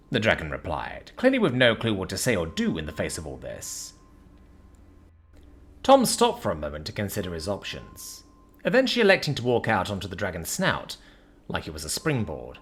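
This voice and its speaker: Lower-voiced male narrator, husky, very animated delivery, web fiction reading. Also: moderate pace. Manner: expressive, casual storytelling. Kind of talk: audiobook story narration.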